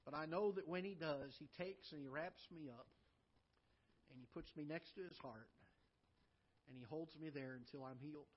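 A man preaching a sermon as pastor, swinging from loud emphatic lines to soft low asides. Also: moderate pace, pauses often, lo-fi sound, a little hiss or hum. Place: church auditorium.

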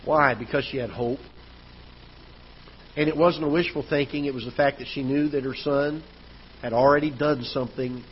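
This man, a pastor, tells a personal story during a sermon in a church auditorium, talking conversationally and frequently starting over. His medium-pitched voice is steady and normally paced with frequent pauses, while the recording has its highs cut off and a faint hiss or hum.

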